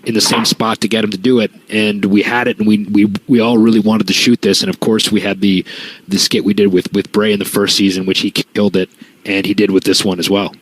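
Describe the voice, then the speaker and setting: A man co-hosting a podcast, telling an anecdote in an animated, storytelling way. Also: lowish voice, brisk, no room sound, low-quality recording. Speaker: podcast co-host. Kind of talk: casual chat.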